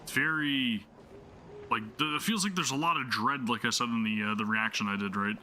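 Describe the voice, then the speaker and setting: This gaming host talks fairly quickly in a sharp, medium-pitched voice, chatting casually and with enthusiasm while he plays. He rambles, full of fillers and restarts, and a little hiss or hum sits in the recording.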